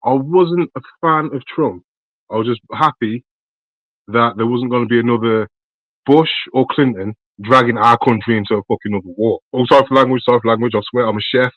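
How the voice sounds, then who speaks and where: A man's voice: mid-range voice, a little fast, no room sound. A British man on a call, talking in loose, slangy chat full of swearing and ums. The line is dull and lo-fi, and the voice sits dry and close. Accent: British English. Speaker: caller.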